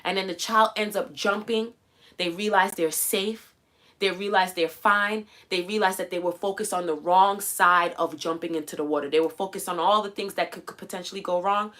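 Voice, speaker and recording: A woman hosting a livestream, coaching viewers in a casual, animated way and acting out quoted voices as she goes. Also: mid-range voice, normal speed. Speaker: livestream host. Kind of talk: casual motivational livestream talk.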